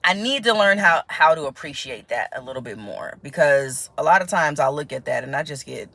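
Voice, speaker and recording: With a low voice, vocal fry and a fairly quick delivery, an American woman vlogs casually to camera. She's talkative, laughs often and quotes people in animated voices.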